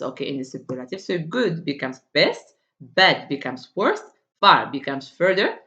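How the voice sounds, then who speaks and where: A woman's voice: fairly low pitch, a bit bright. A woman teaching an English grammar lesson, speaking with many hesitations and fillers and drilling word forms aloud. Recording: dull, echoey room.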